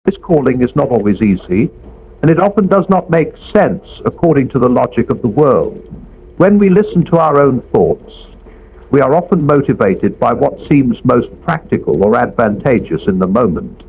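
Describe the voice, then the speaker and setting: Gravelly man narrating a devotional script. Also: mid-range voice, animated, moderate pace. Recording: dull lo-fi audio with faint background noise.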